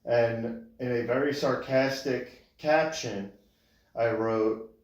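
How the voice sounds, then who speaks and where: A man talks on a casual podcast, unhurried and loose as he tells stories, swearing freely. His voice sits at a middling pitch. The room around him is echoey. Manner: laid-back storytelling, swears freely. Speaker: podcast co-host.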